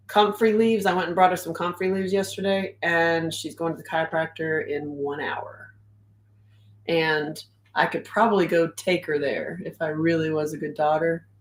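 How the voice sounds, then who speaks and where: A woman's voice: sits low, echoey room, low-quality recording. Chatty middle-aged woman livestreaming. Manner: chatty and joking, reads comments aloud. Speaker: livestream host. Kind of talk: casual livestream chat.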